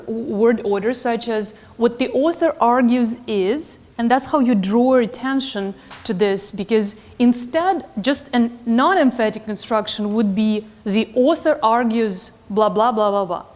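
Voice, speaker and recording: A woman's voice: a little high, measured pace, darkish tone. A woman teaching a class in a classroom, earnest and full of "um" and self-corrections. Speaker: instructor. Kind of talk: classroom lecture.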